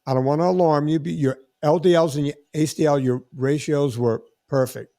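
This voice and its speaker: A little fast and on the high side, a man in his sixties tells an extended story on his podcast, bringing quoted dialogue to life with different voices. There's no echo, and the studio sound is clean.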